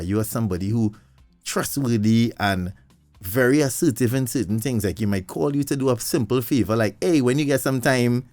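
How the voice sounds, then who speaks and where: A man co-hosting a casual talk show, animated and laughing often as he makes his points. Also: fairly low pitch, no echo. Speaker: podcast co-host. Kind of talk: casual conversation.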